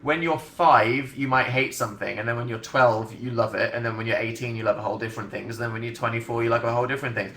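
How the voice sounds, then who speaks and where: A man's voice: medium pitch, steady tone, fast, few pauses, fairly bright tone, roomy sound, slight background noise. A young man in his twenties chatting casually on a livestream, rambling and sardonic, laughing often as he reads out comments. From England. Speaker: livestream host. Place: bedroom livestream setup, indoors.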